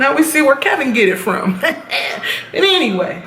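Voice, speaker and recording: A young woman casually reviewing a TV episode, animated and profane, laughing at her own reactions. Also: high voice, moderate pace. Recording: echoey room with faint noise.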